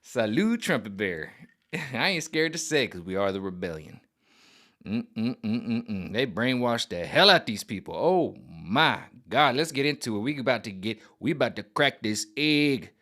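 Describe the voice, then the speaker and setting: Animated slangy man rambling to camera. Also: medium pitch, moderate pace. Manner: animated, slangy, repeats himself, restarts and trails off. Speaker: vlogger. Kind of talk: casual rambling monologue to camera.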